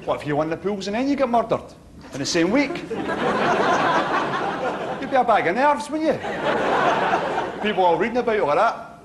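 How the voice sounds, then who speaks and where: A man's voice: high voice, brisk, very noisy. A middle-aged man with a Glaswegian accent doing a stand-up routine, acting out the voices and exchanges in his stories. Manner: animated, acts out voices and exchanges. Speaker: stand-up comedian.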